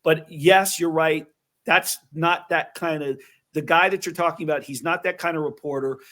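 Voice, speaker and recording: Sex: man. Role: interview host. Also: a little high. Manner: animated storytelling with quick asides. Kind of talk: casual interview chat.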